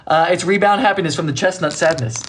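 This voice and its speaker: A man's voice: fast, fairly bright tone, a little hiss or hum. A man from Britain hosting a baking livestream in his kitchen, chatting playfully while reading viewer comments. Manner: playful, theatrical, jumps between high and low voices. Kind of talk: casual live-stream chat reading comments. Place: home kitchen.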